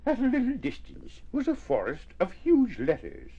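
A man reading a children's story aloud, slow and expressive. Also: very high-pitched, lo-fi sound.

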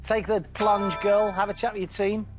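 A man hosting a quiz show, brisk, upbeat and teasing. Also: high voice, little pitch movement, music in the background.

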